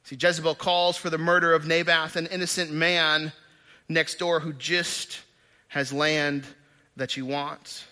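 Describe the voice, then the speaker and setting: A man in his thirties preaching a sermon in church, moving from loud emphatic bursts to quiet asides. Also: fairly high pitch, flat delivery, unhurried. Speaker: pastor.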